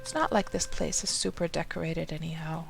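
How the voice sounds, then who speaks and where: A woman's voice: low voice, steady tone, a little fast, creaky, soft background music. A woman streaming a game live, chatting casually in a rambling way, often talking to herself and greeting her viewers.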